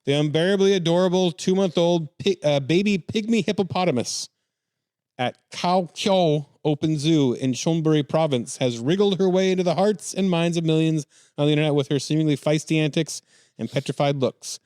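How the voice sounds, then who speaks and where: A man's voice: on the high side, normal speed, darkish tone, clear, resonant tone, dry recording, clean studio sound. A man hosting a comedy podcast, reading news stories aloud and dropping wry, jokey asides. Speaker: podcast host.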